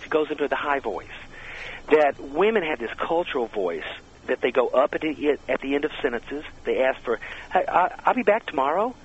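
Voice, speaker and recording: A man from Georgia, guest on a show, telling stories in a lively way over the phone, with many false starts. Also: medium pitch, normal speed, husky. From Georgia, USA. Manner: animated, lively storyteller with many restarts. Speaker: guest, sound effects expert. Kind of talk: interview chat. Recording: dull phone line.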